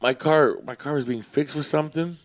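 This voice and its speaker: A young man tells stories on a podcast in a loose, profane way, jumping into the voices of the people in them. His voice sits a bit high for a man, and he keeps the talk lively. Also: a little fast. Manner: profane, animated storyteller acting out quotes. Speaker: podcast host. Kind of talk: casual storytelling.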